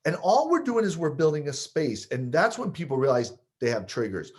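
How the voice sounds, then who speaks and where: A man coaching listeners on triggers, explaining with lively stories he partly acts out. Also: on the high side, moderate pace. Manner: animated storyteller, acts out scenes. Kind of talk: explaining with stories, podcast talk.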